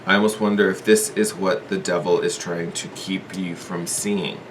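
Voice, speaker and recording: A man's voice: low voice, little pitch movement, moderate pace, slight background noise. A man giving a casual tarot reading, thinking aloud with hedges and repeats in an earnest, encouraging way. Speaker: tarot reader.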